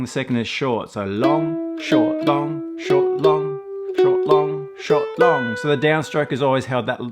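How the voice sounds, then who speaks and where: A man teaching a mandolin tune step by step, patiently counting beats and calling out pick strokes. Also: on the high side. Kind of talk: step-by-step music lesson. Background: loud mandolin playing.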